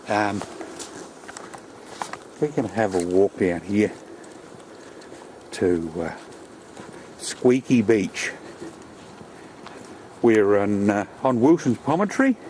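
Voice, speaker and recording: A man's voice: fairly low pitch, a little mellow, poor audio. An Australian man chatting casually as he films a travel vlog outdoors on a rainy, windy beach, rambling and calling his friend mate. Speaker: travel vlogger. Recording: wind and surf noise outdoors.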